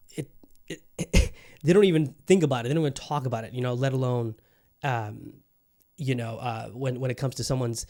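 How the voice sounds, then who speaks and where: Mellow-voiced rambling podcast host, a man. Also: mid-range voice. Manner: rambling, profane, many fillers and restarts. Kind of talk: casual podcast chat.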